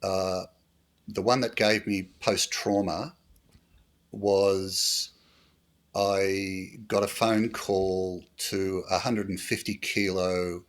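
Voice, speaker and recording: Deep-voiced Australian man telling dry stories. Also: flat delivery, extremely slow. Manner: dry humorous anecdotes with fillers. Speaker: guest, former bush police officer. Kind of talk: storytelling interview.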